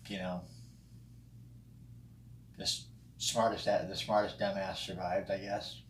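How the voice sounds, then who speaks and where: A man's voice: deep voice, flat delivery, takes it slowly. A man giving a casual, opinionated monologue in a blunt, profane way, with frequent ums and restarts. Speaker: vlogger responding to a friend's video. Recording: roomy echo with faint background noise.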